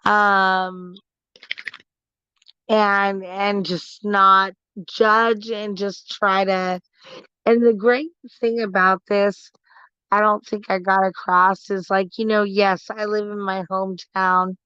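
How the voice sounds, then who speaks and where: A woman joining her partner's live stream as a guest, speaking hesitantly with many halting restarts over dull, lo-fi call audio. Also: medium pitch, flat delivery, sharp tone, clear, resonant tone, no echo. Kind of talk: casual live stream talk.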